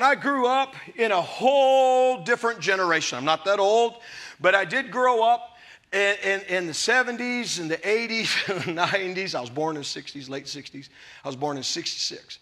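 A man in his fifties preaching a sermon to a live congregation, emphatic and often shouting, with jokey storytelling. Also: sits high, expressive, moderate pace. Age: 50s. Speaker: pastor. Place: church service before a live congregation.

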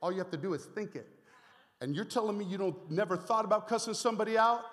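Male pastor preaching, high voice, animated, conversational asides, long hall reverb. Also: quick pace, slight background noise. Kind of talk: sermon. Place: church sanctuary.

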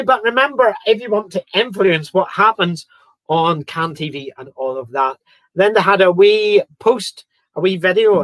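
Chatty man hosting a live quiz, fairly high voice, close dry mic, banters with viewers. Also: a bit bright, no room sound. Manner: chatty, reads out viewer comments and jokes around. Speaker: quiz host. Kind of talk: live-streamed quiz chat.

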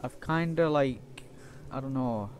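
A man giving chatty, playful let's-play commentary, breaking into loud excited outbursts. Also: mid-range voice, a little slow, a little hiss or hum. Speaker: gaming YouTuber.

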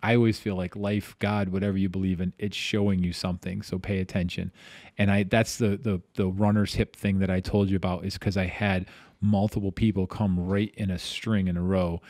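A man's voice: deep voice, a little fast, no room sound, studio quality. A middle-aged man, a physical therapist guest on a podcast, telling stories in casual chat and acting out the voices he quotes. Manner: animated, acts out quoted voices, frequent restarts.

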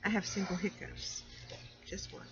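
A woman's voice: mid-range voice, flat delivery, normal speed, highs cut off, music in the background. A woman, the vlogger's mother, chatting outdoors and making dry, teasing remarks. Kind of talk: casual chat.

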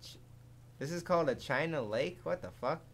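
A man giving live commentary over a zombie game, excitable and jumpy, swearing often and laughing at his own jokes. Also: a little high, normal speed, slight background noise. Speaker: gaming commentator.

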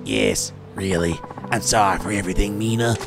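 Man playing a gruff smoker woman in her thirties, gravelly and curt. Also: sits low, big pitch swings, normal speed, over music, pitched below the performer's own voice, full character voice. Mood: remorseful. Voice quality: husky, gravelly. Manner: curt and dismissive. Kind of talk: voice-acting game dialogue for a stream.

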